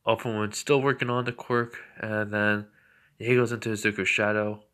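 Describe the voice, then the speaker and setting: A man's voice: on the low side, flat delivery, moderate pace, bright, forceful tone, clear, resonant tone. A man casually telling a fan story aloud, rambling with lots of fillers. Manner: rambling, many fillers and restarts.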